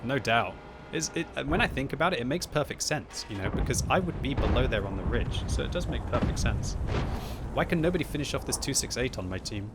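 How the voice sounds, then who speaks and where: A man giving live gameplay commentary at home, thinking aloud and breaking into loud frustrated yelling. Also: mid-range voice, fairly quick. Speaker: gaming video host. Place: upstairs room at home. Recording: steady game noise behind the voice.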